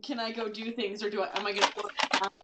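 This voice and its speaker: A woman's voice: mid-range voice, little pitch movement, fairly quick, very noisy. A woman playing a tabletop game, talking casually and bluntly with plenty of swearing. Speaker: player.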